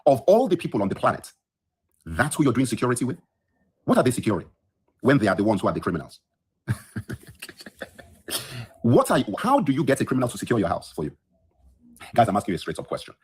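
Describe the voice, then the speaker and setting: On a solo livestream from his bedroom, a man who hosts a podcast has just woken up and is ranting into his phone. He's indignant and emphatic, repeating lines for effect, in a low-leaning voice with a breathy edge.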